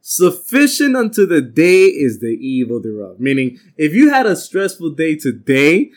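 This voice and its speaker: A man's voice: fairly high pitch, moderate pace. A man teaching an informal bible class, telling stories from his working life and acting out the voices of the people in them. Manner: animated, acts out quoted voices, streetwise New York slang.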